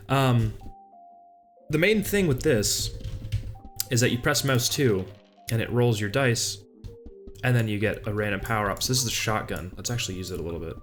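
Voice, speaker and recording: Laid-back young man swearing over gameplay. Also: on the low side. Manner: laid-back, rambling, swears and laughs at own old work. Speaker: indie game developer. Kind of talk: casual commentary over gameplay.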